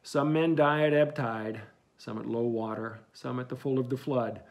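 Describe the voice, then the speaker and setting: A man's voice: mid-range voice, steady tone, moderate pace, natural voice. A man reading an old one-legged whaling captain's lines in a brooding, solemn audiobook delivery. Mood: mournful.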